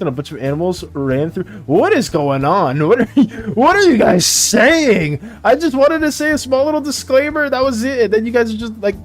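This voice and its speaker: A man's voice: high voice, darkish tone. A man streaming while he draws, chatting casually with viewers, laughing often and repeating himself. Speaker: art streamer. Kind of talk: casual livestream chat while drawing.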